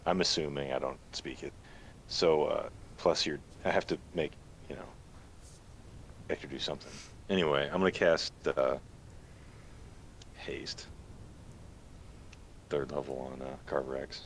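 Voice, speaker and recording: A man's voice: a bass voice, measured pace, pauses often, slight background noise. A man playing a tabletop role-playing game, checking spell rules aloud in a hesitant, casual way.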